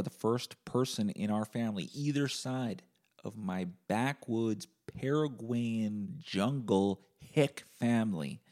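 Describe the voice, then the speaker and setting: A male podcast host giving a rambling, profane solo monologue in a deadpan comic way. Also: lowish voice.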